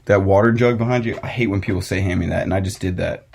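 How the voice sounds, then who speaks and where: A man's voice: fairly low pitch, fairly even intonation, fast talker, vocal fry, darkish tone, husky. A young man hosting a casual podcast chat, ranting and swearing with frequent laughs. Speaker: podcast host.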